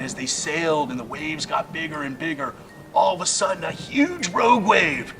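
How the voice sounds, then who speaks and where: Guy telling a spooky story, kinda high voice, hushes then gets loud, music playing behind. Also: moderate pace, rough recording. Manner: dramatic, swings between hushed and loud. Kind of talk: spooky campfire-style storytelling.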